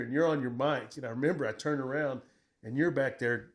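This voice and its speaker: A middle-aged man, a military veteran, telling combat stories in casual conversation, blunt and profane, acting out what he shouted. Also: medium pitch, brisk. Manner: profane, blunt, quotes himself in raised voice.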